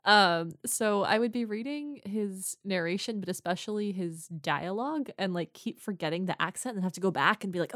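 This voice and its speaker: A woman's voice: mid-range voice, animated, fairly quick, few pauses, no echo. A chatty woman co-hosts a podcast, rambling through her thoughts with fillers and easy laughter. Her voice sits in an ordinary middle range. The sound is dry and close, with no room around it. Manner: chatty, giggly, many fillers. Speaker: podcast co-host. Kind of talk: casual chat.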